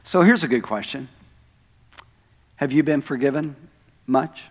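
Echoing through a church hall, a male pastor delivers his sermon in the sanctuary in a husky, medium-pitched voice. His intonation is lively and his pace unhurried, and he keeps it conversational with asides to the congregation.

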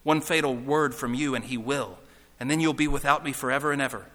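A man voicing a sly male lizard who coaxes and wheedles softly. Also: medium pitch, fairly quick, lightly acted. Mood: wheedling. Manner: soft, coaxing, persuasive. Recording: reverberant hall.

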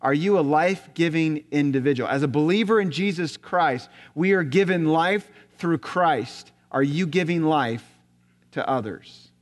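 A male pastor preaching a sermon, telling a story and asking rhetorical questions, often dropping to a soft voice. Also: on the high side, a little slow. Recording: long hall reverb.

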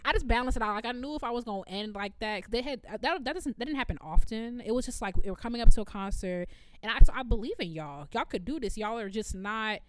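A woman, co-hosting a casual chat and telling animated stories as a former music teacher. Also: on the high side, fast talker, background noise. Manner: animated storytelling, quoting herself.

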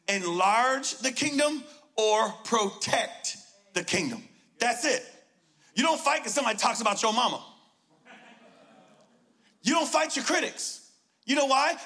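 A man preaching a lively sermon as a guest speaker, joking and shouting his points. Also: sits high. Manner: excitable, joking, shouts for emphasis.

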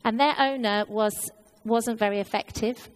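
A woman's voice: fairly high pitch, fairly even intonation, a little slow, low-quality recording. A woman preaching a sermon, telling a personal story in an earnest way with many fillers and restarts.

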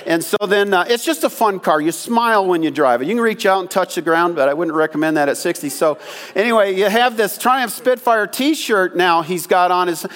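A man's voice: sits high, fairly quick, fairly bright tone. An older man preaching a sermon, telling folksy stories with asides to the congregation and acting out the voices of people in his story. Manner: acts out quoted voices in the story. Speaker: pastor.

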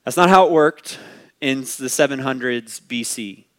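A man preaching a sermon, reading scripture and explaining it, with emphatic rises and quiet asides. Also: medium pitch, a little slow. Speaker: pastor.

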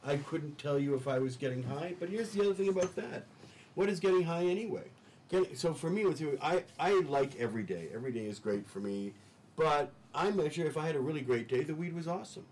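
A man's voice: a little high, lively intonation, a little fast, a little mellow, a little hiss or hum, poor audio. A man talking as a studio guest in casual talk-show chat, enthusiastic and rambling, repeating words as he restarts his sentences.

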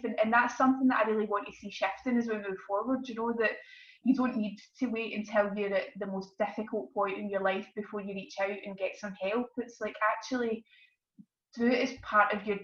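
A woman who works as a counsellor and meditation teacher, talking earnestly and reflectively in a casual interview. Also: medium pitch. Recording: dull, roomy sound.

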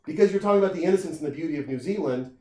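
A middle-aged man in casual comedic chat, talking in a profane, animated way and acting out the people he quotes in jumping voices. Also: on the high side, racing, a crowd in the background. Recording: roomy echo.

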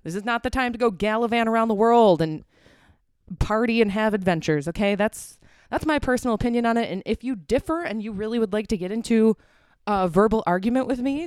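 A woman's voice: mid-range voice, darkish tone, clean tone, dry recording, clean studio sound. A young adult woman hosting a solo podcast from her apartment, ranting casually, swearing often and getting sidetracked. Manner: rambling, profane, easily sidetracked. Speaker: podcast host.

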